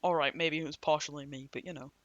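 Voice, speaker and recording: Bright-voiced chatty English guy gaming. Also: a little high, fairly even intonation, fast, dull audio. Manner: chatty, rambling, jokey. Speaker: gameplay streamer. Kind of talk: casual let's-play commentary.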